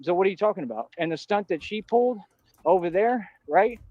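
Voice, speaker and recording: A man with a slightly high voice rants defiantly into a livestream, looping back to the same points in loose street slang. The audio is dull and lo-fi, with a dry, close sound. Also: expressive, brisk, no room sound. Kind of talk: ranting livestream monologue.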